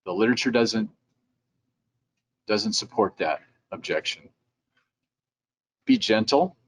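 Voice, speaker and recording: A middle-aged man with a fairly low voice gives an instructional talk in a relaxed, conversational way. His delivery is practical and direct, and now and then he slips into quoted replies. A faint ambient hiss sits behind him. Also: takes it slowly. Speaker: dental lab president giving a training talk. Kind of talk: instructional presentation.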